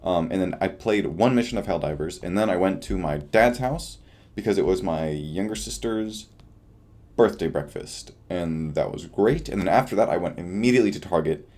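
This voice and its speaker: A man's voice: sits low, expressive, moderate pace, darkish tone. Tired young man rambling in a video diary. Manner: rambling, self-deprecating, trails off. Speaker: vlogger.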